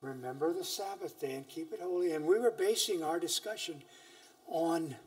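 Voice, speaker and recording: Male preacher, slightly high voice, earnest and emphatic, picked up from off-mic in a church. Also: moderate pace, far from the mic. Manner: earnest, emphatic scripture reading with frequent hesitations. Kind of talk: sermon.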